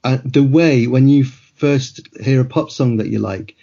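A middle-aged man spins loose, rambling anecdotes in casual conversation. His voice is mellow and gravelly with a husky edge. The audio is muffled and lo-fi. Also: mid-range voice, unhurried. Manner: rambling anecdotal storyteller, laughs mid-sentence. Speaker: guest author.

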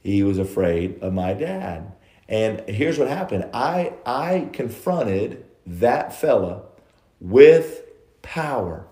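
A male pastor preaching a sermon, moving between loud emphasis and hushed asides, quoting scripture. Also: fairly low pitch, very animated, takes it slowly, echoey room. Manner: preaching storyteller, quotes old scripture language.

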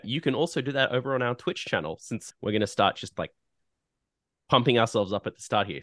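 A man from Australia speaks with an Australian accent in a playful, wry way. His voice sits at a middle pitch, and it sounds dry and close. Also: a bit bright, no room sound. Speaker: panel guest. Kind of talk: casual panel chat.

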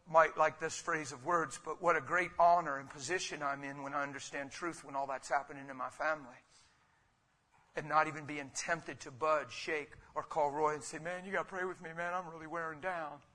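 Animated preacher man with a bright voice. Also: a little high, normal speed. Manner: animated, rhetorical, with sudden loud bursts; conversational, calls listeners "man" and "guys". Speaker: pastor. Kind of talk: sermon.

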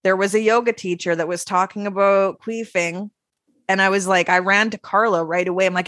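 A woman's voice: medium pitch, fairly even intonation, brisk, fairly bright tone, no room sound, studio quality. A woman co-hosting a podcast in casual chat, laughing often and swearing freely as she talks over a remote call. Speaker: podcast co-host.

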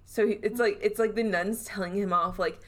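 A woman with a Southern US accent hosting a podcast, telling a spooky story in a chatty, animated way and acting out quotes. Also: mid-range voice, a little fast. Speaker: podcast host. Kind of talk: casual storytelling chat.

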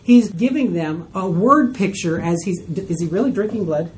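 A woman leads a Bible study class, her voice low and mellow. She talks to the group and acts out the reactions of doubters, with light hiss behind her. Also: moderate pace. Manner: animated, acts out skeptical listeners' reactions. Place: room with a group.

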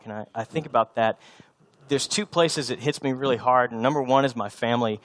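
A man's voice: medium pitch, fairly quick, fairly bright tone. A man in his thirties preaching a sermon as a pastor, telling stories with humor and a slightly congested voice. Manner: storytelling with humor, frequent restarts. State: slightly congested from a sinus infection. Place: church sanctuary.

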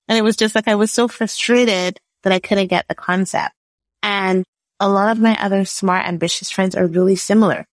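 A woman's voice: medium pitch, fairly even intonation, normal speed, no echo. A woman who is a business lawyer, explaining legal ideas on a podcast with everyday analogies and frequent "right?" checks. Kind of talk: podcast interview.

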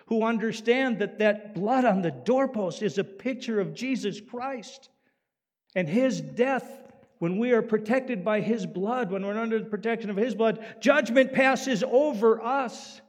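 A male pastor preaching a sermon in an animated way, swinging from loud emphasis down to quiet. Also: high voice, takes it slowly. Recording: long hall reverb.

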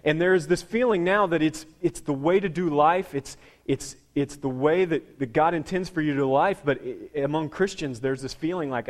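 A middle-aged man preaching a sermon as a pastor, telling stories with dramatic swings from loud to hushed. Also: on the high side, normal speed, hardly any pauses.

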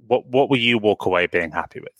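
Bright-voiced male podcast host. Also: fairly low pitch, fast talker, no room sound. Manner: joking, rambling questions. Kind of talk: casual interview.

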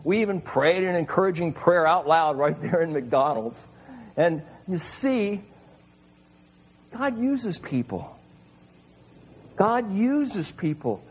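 Preacher, male, husky and fairly high voice, earnest and emphatic sermon delivery. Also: poor audio. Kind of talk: sermon reading and explaining scripture.

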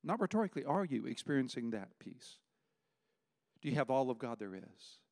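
A man's voice: mid-range voice, sing-song, normal speed, darkish tone. A man in his sixties preaching a sermon, firing emphatic rhetorical questions and mixing in folksy personal stories. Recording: long reverb of a large hall.

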